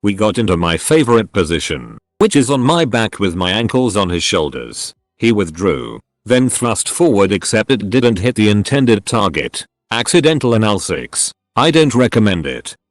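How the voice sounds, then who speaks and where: Guy with a lowish voice reading stories out, lots of ups and downs, dry close sound. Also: very animated, moderate pace, few pauses, dry recording. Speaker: narrator. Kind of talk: scripted narration.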